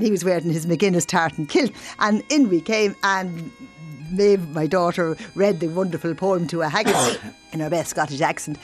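An older woman, a radio guest, chatting at length in a good-humoured storytelling way. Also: lowish voice. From Ireland.

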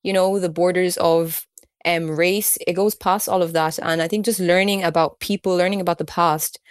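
A woman hosts a podcast conversation in a fairly low voice, recorded dry and close with no room echo. She affirms her guest and then muses at length, repeating words as she gathers her thoughts. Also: fairly even intonation, normal speed. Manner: warmly affirming, thoughtful, repeats words while searching for them. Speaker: podcast host. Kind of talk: casual interview chat.

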